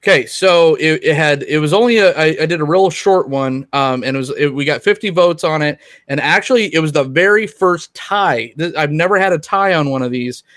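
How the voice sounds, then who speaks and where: A man's voice: fairly high pitch, a little fast, few pauses, fairly bright tone, no room sound. A man co-hosting a casual podcast chat, rambling with many restarts. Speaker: podcast co-host.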